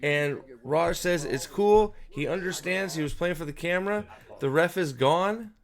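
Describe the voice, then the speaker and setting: A man's voice: a little high, measured pace. A man giving casual, profane video commentary as host, ranting in an exasperated way with frequent restarts.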